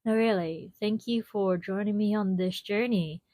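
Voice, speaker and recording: A woman's voice: medium pitch, normal speed, dark tone, no room sound. A young adult woman hosting a casual solo podcast at home, chatty and often laughing, calling her listeners y'all into a small clip-on mic. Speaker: podcast host.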